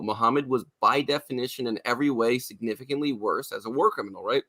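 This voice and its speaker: Bright-voiced man arguing a point. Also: medium pitch, quick pace. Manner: argumentative, rhetorical asides. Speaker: panel guest. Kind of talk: casual panel discussion.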